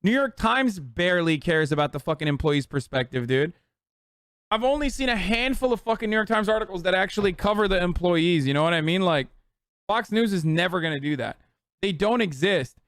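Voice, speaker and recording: A man's voice: high voice, expressive, brisk, a bit bright, no room sound, clean studio sound. A man in his thirties ranting and mocking in profane, casual live-stream commentary.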